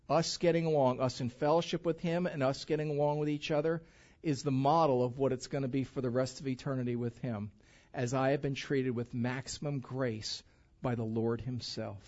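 A male pastor preaching a conversational sermon and building up emphasis on key words. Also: a little high. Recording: dull lo-fi recording.

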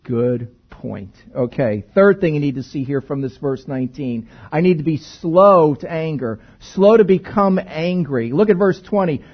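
A man preaching a sermon in a conversational, animated way, asking the congregation rhetorical questions. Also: high-pitched, normal speed, few pauses, breathy edge, muffled recording. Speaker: pastor.

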